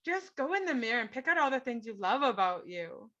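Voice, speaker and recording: A middle-aged woman recounts her own story as an interview guest, earnest and emphatic, often tagging her sentences with a quick "right?". Her voice is bright and sits a little high. The recording is dull and lo-fi. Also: sing-song. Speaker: guest, author. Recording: dull lo-fi podcast audio.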